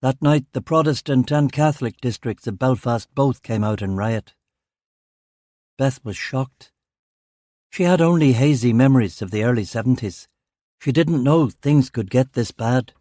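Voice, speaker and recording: Male thriller narrator, measured and grave, warm low tone, dry close recording. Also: dry recording. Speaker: audiobook narrator. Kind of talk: scripted narration of a crime thriller.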